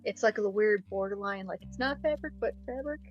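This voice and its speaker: A woman at a role-play table works through what her character will do next, stopping to restart with plenty of "like". Her voice sits at an ordinary pitch. The mic makes her sound dull and muffled, with faint music behind. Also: a little fast. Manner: hesitant, full of "like" and restarts. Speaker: player.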